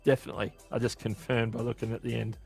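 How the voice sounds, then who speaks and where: A man's voice: mid-range voice, flat delivery, fast talker, vocal fry, soft background music. An Australian man hosting a casual live-stream Q&A, chatty and often correcting himself mid-sentence. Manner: chatty, self-correcting, answering chat questions. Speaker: livestream host.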